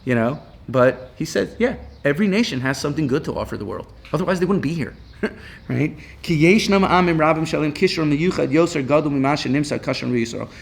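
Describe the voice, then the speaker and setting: A man's voice: on the high side, expressive, a little fast, vocal fry. A man teaching an informal Torah class, reading Hebrew passages and explaining them in casual English, often asking "right?" and laughing as he goes. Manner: casual, peppered with "right?" and "you know"; reads Hebrew text aloud, then explains it in English.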